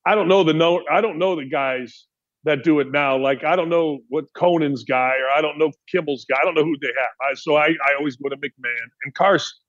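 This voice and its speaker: A man's voice: on the high side, fairly quick, a bit bright, dull audio. A man hosting a sports talk show, delivering a heated, opinionated monologue full of rhetorical questions. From Gary, Indiana area.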